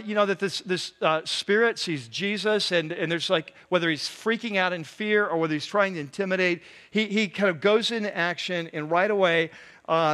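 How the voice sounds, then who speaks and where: Male pastor, high voice, casual talky sermon delivery. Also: a bit bright. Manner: conversational preaching with many asides and "right?".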